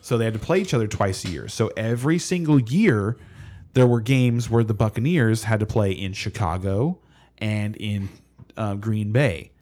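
Brief: male podcast co-host, excitable, rambling football chatter, often laughing. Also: lowish voice, normal speed. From California. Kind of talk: casual sports chat.

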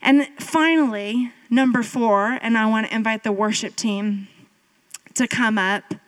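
A woman pastor in her thirties gives a sermon like she's telling a story to friends. Her voice sits fairly high and her delivery is slow and unhurried. She fills it with casual asides and jumps up in pitch to drive a point home. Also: low-quality recording. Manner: animated storytelling, jumping up in pitch for emphasis; conversational, with filler "like" and asides.

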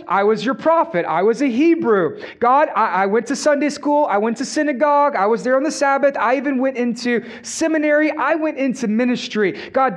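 A man's voice: very high voice, voice pushed up. A man voicing an aggrieved, entitled male prophet who complains in a whiny, pleading way, on a dull lo-fi recording. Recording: dull lo-fi sound.

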